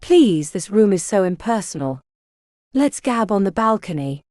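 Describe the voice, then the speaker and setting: A woman's voice: medium pitch, big pitch swings, normal speed, darkish tone, no room sound, clean studio sound, close to an everyday voice. Woman doing Ruby, a flirty glamorous streamer. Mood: breezy.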